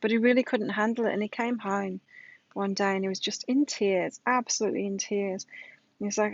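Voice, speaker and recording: A woman's voice: mid-range voice, fairly even intonation, brisk, no echo, muffled recording. A middle-aged woman giving a casual weekly tarot reading, emphatic, repeating her points and telling stories to make them. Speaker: tarot reader.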